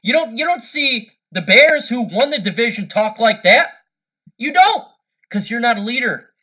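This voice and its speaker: A man's voice: very high-pitched, big pitch swings, moderate pace, sharp tone, lo-fi sound. A man delivering a heated, angry sports rant, repeating himself and stumbling over restarts. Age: older than 13-year-old's parent, adult. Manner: angry, repetitive, stammering restarts. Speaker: fan commentator.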